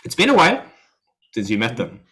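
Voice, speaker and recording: A man narrating as game master of a tabletop game, unhurried and relaxed, with many fillers. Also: medium pitch. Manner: relaxed, drawn-out storytelling with fillers.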